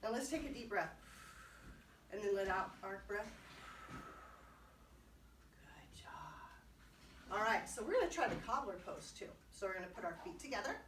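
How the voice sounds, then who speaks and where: Animated and fast-talking, a woman at medium pitch guides children through music and movement as their librarian. Encouragement and playful noises fill her cheerful delivery, captured roomily from a distant mic amid a noisy background.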